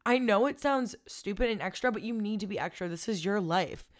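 A woman's voice: mid-range voice, fairly quick. Profane, hyped-up young woman podcaster. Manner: animated, profane, hypes up listeners. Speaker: podcast host. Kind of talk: casual motivational podcast monologue.

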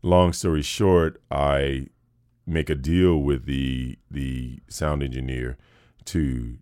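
A man with a deep voice telling stories as a guest in a casual chat, animated and prone to slipping into voices. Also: slow, smooth, no echo, studio quality. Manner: animated storyteller, slips into voices.

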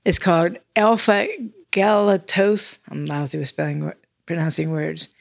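Older woman, low and dry. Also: measured pace, creaky, dry recording. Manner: chatty and self-deprecating. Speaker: podcast co-host. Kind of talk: casual chat.

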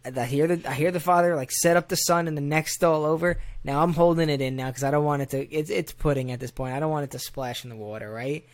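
A man, father of a toddler, telling a profane comic story with animated delivery, often laughing as he goes. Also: on the high side. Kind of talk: comedic storytelling.

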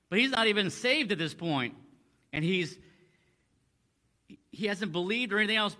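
Bright-voiced man preaching on scripture. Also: high voice. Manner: conversational, many restarts, quoting scripture in old English. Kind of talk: expository Bible teaching.

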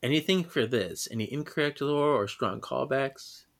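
A man hosting a podcast in casual chat, chatty and quick to laugh as he leads each segment. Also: medium pitch, gravelly. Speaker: podcast host.

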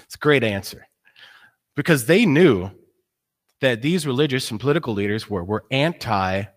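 Animated man telling a sermon story. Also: medium pitch, moderate pace. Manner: animated storytelling, acts out quoted voices; conversational, casual fillers. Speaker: pastor.

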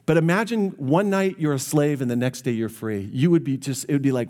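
A man's voice: mid-range voice, a little fast, warm tone. A man preaching a sermon as pastor, earnest and speaking directly to his congregation.

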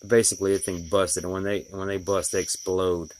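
Deep-voiced man rambling about his day. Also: level tone, a little fast, darkish tone, slight background noise. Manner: rambling, folksy storytelling with fillers. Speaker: glass installer. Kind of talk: casual personal vlog.

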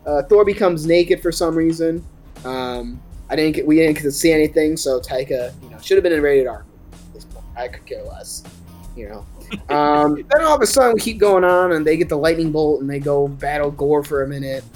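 A man's voice: a little high, animated, a little fast, a little mellow, soft background music. Rambling, profane young guy recapping a movie. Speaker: podcast co-host.

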